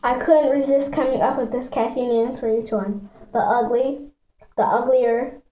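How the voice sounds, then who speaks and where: A woman's voice: fairly high pitch, fairly even intonation, normal speed, roomy sound, highs cut off. A woman reading a children's book aloud in a chatty way, stumbling over words and adding asides for her listeners. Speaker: reader.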